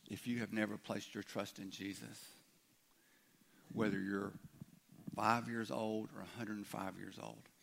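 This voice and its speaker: A pastor preaching in a conversational way, his voice low and gravelly. He talks straight to the congregation and acts out their doubts as he goes. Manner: conversational, acts out imagined listeners' objections. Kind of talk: sermon.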